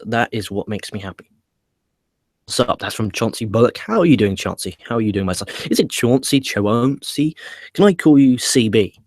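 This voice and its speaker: A low-pitched man hosts a casual live stream from home, rambling through viewer questions with frequent restarts and loose swearing. The sound is dry and close, with no room around it. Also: dry recording. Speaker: wrestling review show host. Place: home setup with laptop.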